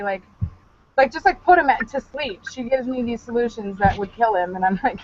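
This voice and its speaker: A woman's voice: high voice, fast, dry recording. A young woman co-hosting a podcast, telling a story in a loose, profane, laughing way. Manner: animated, profane, laughs a lot. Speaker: podcast co-host. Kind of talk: casual comedic storytelling. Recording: dull lo-fi podcast audio.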